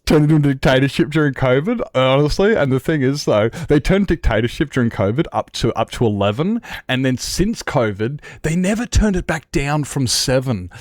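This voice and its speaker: A man's voice: medium pitch, no room sound, clean studio sound. Sweary Australian man ranting. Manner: sweary, heated ranting, fast tangents. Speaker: streamer. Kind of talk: live-stream rant while gaming.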